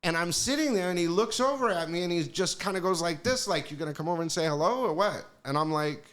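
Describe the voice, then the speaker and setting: Higher-voiced man telling animated stories. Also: fast. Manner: animated, profane, acts out quoted voices. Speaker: podcast guest. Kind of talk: casual storytelling.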